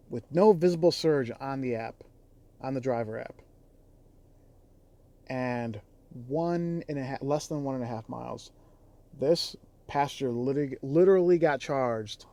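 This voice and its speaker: A man's voice: medium pitch, a little slow, pauses often, dark tone. A man who drives for a rideshare app, talking in a casual vlog with a heated, exasperated, profane delivery. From Chicago area.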